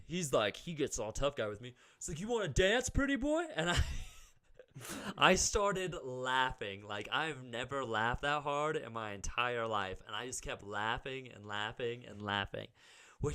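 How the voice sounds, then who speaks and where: A young man co-hosting a podcast, telling a story in a casual, animated way, full of "like" and loud acted-out quotes. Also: medium pitch, smooth. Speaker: podcast co-host.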